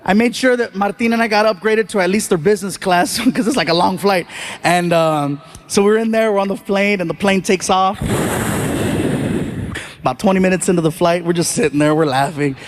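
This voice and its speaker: A man doing stand-up comedy on a large stage, telling a story and acting out other people's voices with shouted punchlines. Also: high-pitched, a little fast. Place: large theater stage before a live audience. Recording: live stage recording with audience noise.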